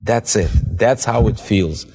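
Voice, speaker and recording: Gravelly low man telling his testimony. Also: darkish tone, big-room sound. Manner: halting, repeats words, restarts sentences. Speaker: guest giving testimony. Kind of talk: emotional personal testimony.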